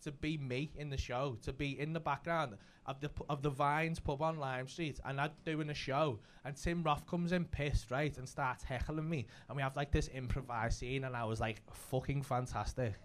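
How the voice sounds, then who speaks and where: A young adult man with a Liverpool accent, telling a comedy story in casual chat, animated and sweary, laughing often. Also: medium pitch, normal speed, hardly any pauses. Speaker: stand-up comedian.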